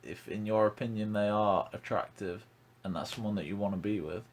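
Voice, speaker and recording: A man's voice: on the low side, brisk, a little hiss or hum. A young man hosting a casual podcast, blunt and ranting, swearing freely. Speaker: podcast host.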